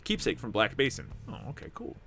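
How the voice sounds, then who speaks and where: A man hosting a gameplay video, reading the game's text aloud and commenting with excitement. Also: medium pitch, brisk, slight background noise. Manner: animated, reads dialogue aloud with excitement.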